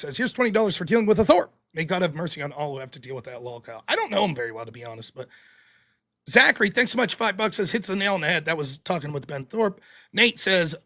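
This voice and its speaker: His voice a little high, bright and forceful, the host of a political call-in stream argues aggressively, peppering callers with quick profane questions, and later reads donations aloud.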